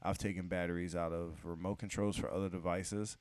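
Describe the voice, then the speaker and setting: A man with a lowish voice trades jokes on a podcast, animated and profane in loose banter. The sound is close and dry. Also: brisk, dry recording. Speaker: podcast co-host. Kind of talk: casual chat.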